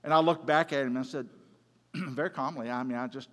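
A man preaching a sermon as a pastor, animated, acting out quotes and swinging between loud and soft. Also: medium pitch, fairly quick. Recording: hall with long reverb.

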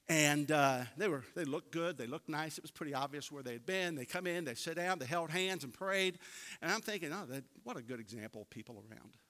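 A man preaching a sermon in a folksy, storytelling way that swells into emphatic peaks. His voice is bright and ringing, a bit higher than most men's, and it carries a long reverb from the hall. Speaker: pastor.

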